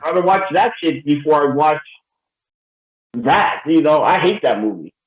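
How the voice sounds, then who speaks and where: A middle-aged man moderating a casual podcast roundtable, ranting in an animated, profane way. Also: fairly high pitch, normal speed, reverberant, highs cut off.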